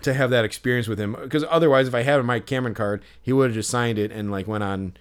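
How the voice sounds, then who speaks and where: A man's voice: medium pitch, quick pace, clean tone. A man hosting a podcast, telling a story in a rambling way, with many fillers and restarts. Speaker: podcast host. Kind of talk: casual podcast chat.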